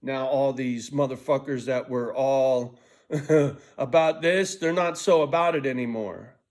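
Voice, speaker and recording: A man's voice: mid-range voice, measured pace, a little mellow. 60-year-old male vlogger, foul-mouthed, scattered, stumbles and restarts, mid-range voice. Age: 60s. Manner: profane, rambling, jumps between thoughts; restless, frequent restarts and stumbles. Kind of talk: rambling casual monologue.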